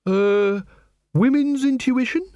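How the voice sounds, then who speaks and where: A man's voice: extremely high pitch, slow, warm tone, dry recording, clean studio sound, voice pushed up. A man voicing a young woman constable in a city watch, hesitant and guarded, in a raised, lighter voice.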